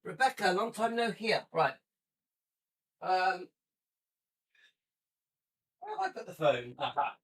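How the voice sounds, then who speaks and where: A man's voice: high-pitched, sing-song, slow, pauses often, a bit bright, husky. A man in his fifties from Britain, hosting a casual livestream and rambling with fillers as he gets set up. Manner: rambling, searching for words. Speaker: channel host.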